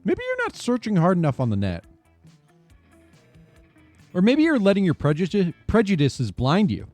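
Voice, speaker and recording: A man's voice: high-pitched, normal speed, no echo. A man playing a video game on stream with friends, reading the game's text aloud and joking with them. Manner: lively, joking. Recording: faint background music.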